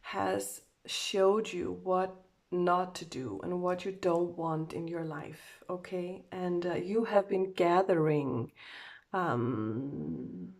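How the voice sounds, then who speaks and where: A woman with a fairly low, darkish voice speaks slowly as she does a casual oracle card reading. Groggy from just waking up, she talks hesitantly, with many fillers and self-corrections.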